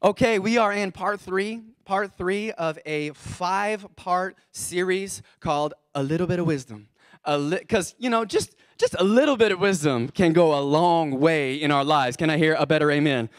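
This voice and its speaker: A man's voice: sits high, normal speed, clean tone, dry recording, clean studio sound. A man preaching as the pastor of his church, fired up and calling out to the congregation. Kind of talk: energetic sermon.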